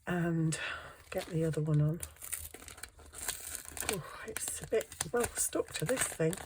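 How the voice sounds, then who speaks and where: Low-voiced woman, chatty crafter. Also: noisy background. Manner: chatty, self-deprecating, talking to herself while working. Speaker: junk journal crafter. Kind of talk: casual craft tutorial chat.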